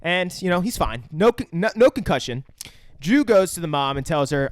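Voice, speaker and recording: A man's voice: a little high, animated, moderate pace, dry recording. A young man co-hosting a podcast, recapping a movie in casual chat, swearing and acting out lines. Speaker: podcast co-host.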